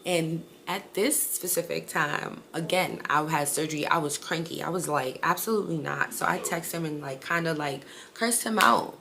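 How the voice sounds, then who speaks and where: Woman in her 30s rambling through a storytime, lowish voice, faint hiss behind. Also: moderate pace, vocal fry, hardly any pauses. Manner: chatty and animated, with lots of "like" and laughter. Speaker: vlogger. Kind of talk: casual storytime.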